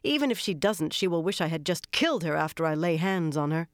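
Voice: animated, fairly quick, no echo, studio quality, lightly acted. A reader voicing a proud, determined young noblewoman who speaks earnestly and insistently, in an audiobook. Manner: insistent, earnest, raised pitch.

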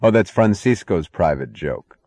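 A man reading aloud, voicing a calm, self-assured man who answers in a measured, quietly confident way. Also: low voice, dry recording. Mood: matter-of-fact.

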